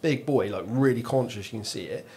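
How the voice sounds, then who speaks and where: A man's voice: mid-range voice, a little fast, a little hiss or hum. English man swearing through a pub story. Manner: swearing, animated anecdote telling. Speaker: podcast host. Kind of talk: casual chat.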